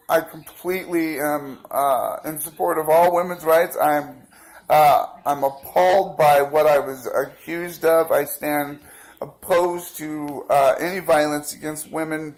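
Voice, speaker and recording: Outdoors by a busy street, a male protester recounts events in a rambling, casual way, full of fillers and restarts, acting out the lines other people said. His voice is a little high, and the audio is poor.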